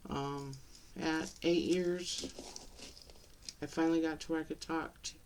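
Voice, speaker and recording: A middle-aged woman talking to the camera in a personal vlog, halting and tearful, with many pauses and restarts. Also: low-pitched, steady tone, darkish tone, a little hiss or hum. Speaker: vlogger.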